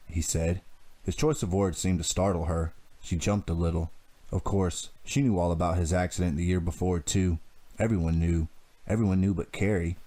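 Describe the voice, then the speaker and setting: Audiobook narrator, man, very low voice, steady measured delivery. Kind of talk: scripted narration.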